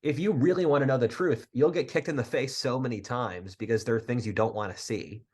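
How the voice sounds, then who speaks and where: A man's voice: medium pitch, brisk, darkish tone, husky. A man in his twenties from outside Philadelphia, a podcast guest talking earnestly in long rambling tangents. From area outside Philadelphia, USA. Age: 20s. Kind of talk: casual interview talk.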